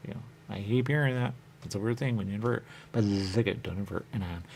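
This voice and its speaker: Deep gravelly man rambling on and on. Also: quick pace, a little mellow, slight background noise. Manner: repetitive, drifting, says "there you go" often. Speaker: radio show host. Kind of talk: rambling solo monologue.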